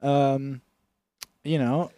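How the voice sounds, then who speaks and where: A man's voice: medium pitch, flat delivery, drawn-out words, dark tone, no room sound. A young man co-hosting a podcast, joking and riffing in casual comedic chat. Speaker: podcast co-host.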